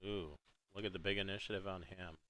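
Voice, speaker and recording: A man's voice: low-pitched, fairly even intonation, fairly quick, heavy background noise. A man running a tabletop game as game master, easygoing and thinking aloud as he goes.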